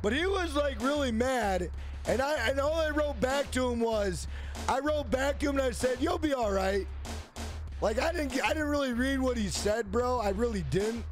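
A man in his thirties livestreaming in casual chat, brash and profane, shouting out greetings to viewers. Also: very high voice. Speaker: gaming livestreamer.

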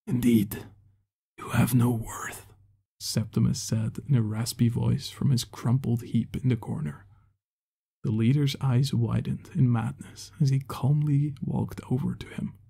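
A man reading a fantasy short story in measured scripted narration. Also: mid-range voice, steady tone, gravelly, dark tone, husky.

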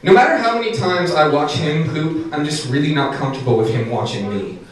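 A man performing a standup comedy set on a brewery stage, animated and jumping to high shouted voices for the punchlines. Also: fairly quick. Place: brewery stage, live audience. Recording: echoey room recording from a distance, noisy.

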